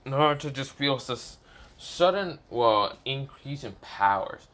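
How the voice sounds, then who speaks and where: A man's voice: medium pitch, expressive, slow, fairly bright tone. Rambling man improvising a fan story. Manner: rambling, filler-heavy, many self-corrections.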